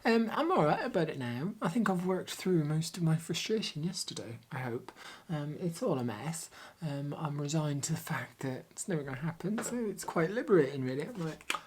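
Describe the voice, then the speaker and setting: A man's voice: fairly high pitch, expressive, normal speed, breathy edge. A man talking casually to camera at home, chatty and upbeat with plenty of filler ums. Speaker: vlogger and workplace trainer.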